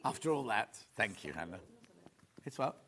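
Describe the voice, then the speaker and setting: A man presenting a live shopping show in a studio, chatty and rambling with quick asides. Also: on the low side, very animated, bright, forceful tone. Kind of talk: live selling chat.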